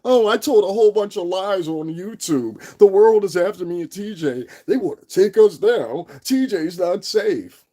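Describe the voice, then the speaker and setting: A man's voice: high-pitched, lively intonation, normal speed, mellow, voice pushed up. Man mimicking a whiny self-pitying woman. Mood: mocking whine. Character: mocking woman whining she is persecuted.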